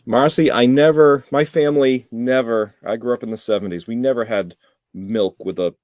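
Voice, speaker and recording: A man's voice: medium pitch, moderate pace, darkish tone, no room sound. Man, 50s, curious questioner, dry close-miked sound, casual call. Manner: curious, asks lots of questions. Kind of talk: casual chat.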